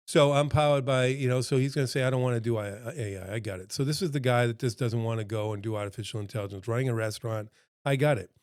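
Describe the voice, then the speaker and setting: This is a casual to-camera talk from a middle-aged restaurant consultancy owner, filmed in a home room with a dog around. He speaks at medium pitch, chatty and earnest, sprinkling in fillers and quoted voices. The audio is studio quality with no room sound.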